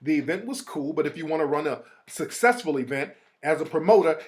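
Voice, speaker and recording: With a little hiss or hum in the background, a male host runs his show as a casual, streetwise monologue. His fairly high voice rises and falls in lively, animated swings, and he slips into quick impressions of others.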